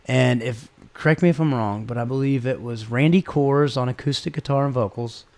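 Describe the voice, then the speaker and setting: A man's voice: mid-range voice, a little fast, darkish tone, no room sound. Laughing man telling backstage stories. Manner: storytelling, acts out quotes, laughs often. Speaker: podcast co-host. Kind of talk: casual chat.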